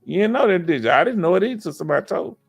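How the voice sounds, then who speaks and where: Rapid-fire, high-pitched, and breathy with vocal fry, this middle-aged Southern man hosts a laid-back veterans' live stream over faint music. He reads comments aloud, preaches with animation, and keeps asking "you understand?".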